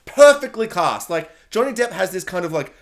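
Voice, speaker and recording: A male film reviewer with a notably high voice, ranting through a casual spoiler review. He is animated and sarcastic, swinging between playful jokes and mock outrage. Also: normal speed. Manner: animated, sarcastic, joking asides.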